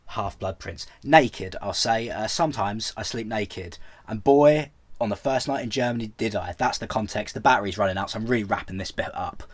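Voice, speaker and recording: Rambling British man telling a comic story. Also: on the low side. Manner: rambling, self-deprecating, many false starts. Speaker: vlogger.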